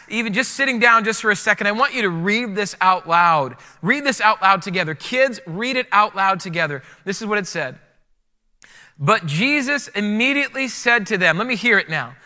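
A high-pitched man delivers an energetic, playful sermon full of casual slang. His voice is sharp and bright, and it rings out with a long reverb off the walls of a large hall. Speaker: pastor.

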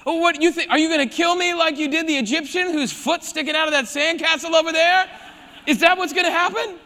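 A mocking young Hebrew man jeers and taunts, his voice pitched high and sharp, put on by a male preacher. The sound rings out with a long reverb. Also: steady tone, a little fast, exaggerated voice. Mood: taunting. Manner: sneering, taunting.

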